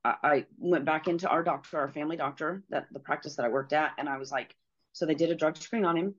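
A middle-aged woman telling a personal story as a guest, earnest and halting, with many pauses and fillers. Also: low-pitched, dull audio.

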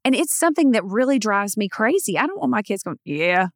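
A woman's voice: a little high, lively intonation, fast, dry recording, clean studio sound. A woman from the American South, a podcast guest, speaking emphatically and gushing. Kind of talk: casual podcast chat.

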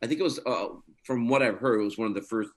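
This actor, a guest in a relaxed interview, has a medium-pitched voice and talks fast. His storytelling is chatty, packed with fillers and punctuated by plenty of laughs.

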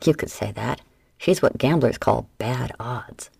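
A woman's voice: a bass voice, a little slow, creaky, a little mellow, husky, dry recording, pitched below the performer's own voice, exaggerated voice. A woman voicing a wry, nervous male gambler with dry wisecracks.

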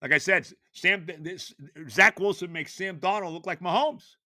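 High, shouting, sharp-voiced older man. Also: moderate pace, dry recording. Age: 70s. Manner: exasperated, shouting, stammering. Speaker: podcast host. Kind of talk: ranting sports talk.

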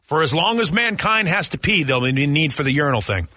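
A man from Boston co-hosting a radio show, trading quick wry jokes in casual banter. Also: on the high side, lively intonation, background noise. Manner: quick, joking, wry asides.

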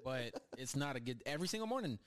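A young man chats loosely on a podcast, telling rambling stories with a joking edge. His pitch bounces around a lot. The sound is dry and close. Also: very animated, fast talker, no echo. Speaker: podcast host. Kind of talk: casual chat.

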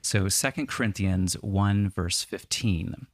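A man's voice: low voice, slow. A man co-hosting a casual chat, wry and joking as he reads scripture aloud. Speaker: podcast co-host.

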